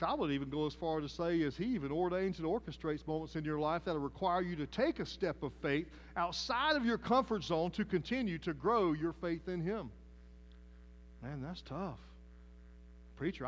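A man with a Southern American accent preaching a sermon as pastor, telling the story in a folksy, animated way. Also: a little high, a little hiss or hum. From Southern United States.

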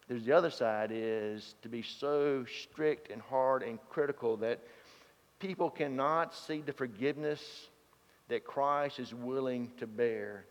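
Preacher in an echoing hall. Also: male voice, mid-range voice, normal speed. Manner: storytelling, swings from loud to hushed. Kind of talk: sermon. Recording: dull sound in a reverberant hall.

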